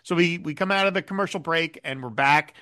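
A man's voice: fairly high pitch, fairly quick, pushed and bright. A man co-hosting a podcast, chatting casually and animatedly recounting scenes. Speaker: podcast co-host. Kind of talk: casual chat.

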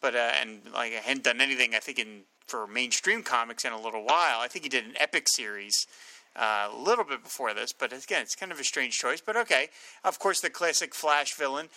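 A man co-hosting a casual comics podcast, speaking haltingly with many fillers and reading entries aloud. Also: mid-range voice, bright, forceful tone, no echo, low-quality recording. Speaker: podcast co-host.

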